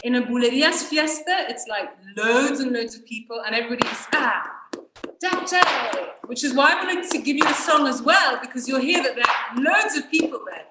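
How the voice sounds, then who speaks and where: A woman's voice: sits high, expressive, moderate pace. A woman teaching a flamenco dance workshop, energetically counting the rhythm aloud in syllables. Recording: echoey room, distant mic, loud noise.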